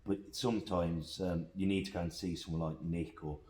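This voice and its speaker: Brief: low-pitched male host with a Black Country accent, earnest, in a roomy space. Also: steady tone, normal speed, darkish tone. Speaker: podcast host. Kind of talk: casual podcast chat. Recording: roomy echo.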